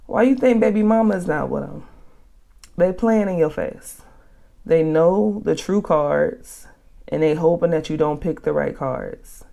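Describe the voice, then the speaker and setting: Blunt low-voiced woman vlogger. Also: vocal fry. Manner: blunt, animated advice with slang. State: out of breath. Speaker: channel host. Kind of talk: reaction commentary to a reader's post.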